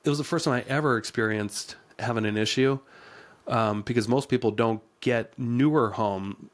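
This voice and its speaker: A man's voice: medium pitch, normal speed. Casual man explaining with frequent restarts. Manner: conversational, with many fillers and restarts. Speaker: podcast co-host, real estate agent.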